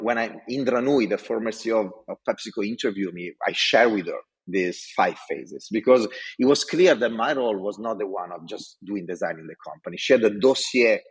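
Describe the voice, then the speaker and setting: An Italian man with an Italian accent passionately tells a story about his career, acting out the dialogue in an animated storytelling style. His voice is fairly low and slightly rough.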